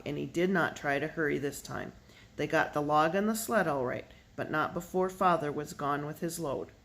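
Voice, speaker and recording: Steady audiobook reader. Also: mid-range voice. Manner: steady narration, lifting the voice for dialogue. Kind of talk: reading a children's novel aloud.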